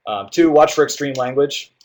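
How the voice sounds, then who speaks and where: Male tutor, mid-pitched, explains test prep casually with lots of "um" and "right?". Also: moderate pace, a little mellow, slight background noise. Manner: explanatory, with frequent fillers and "right?" check-ins. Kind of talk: guided test-prep walkthrough.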